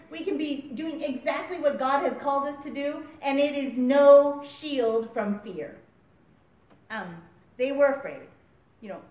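Animated woman preaching in a roomy hall. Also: high voice. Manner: animated, laughing, acting out quotes. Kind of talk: sermon. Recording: roomy, distant, dull recording.

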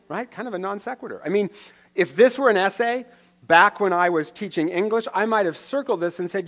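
A man's voice: high-pitched, fairly quick, a bit bright. A middle-aged man preaching a sermon in a conversational way, with wry asides and questions to the listeners. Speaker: pastor.

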